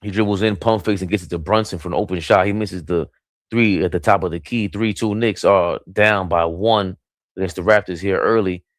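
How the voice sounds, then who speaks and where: A man's voice: deep voice, steady tone, fairly quick, dry recording, clean studio sound. A man streaming casual play-by-play commentary from home, hyped and playful with sing-song nicknames. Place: small room at home.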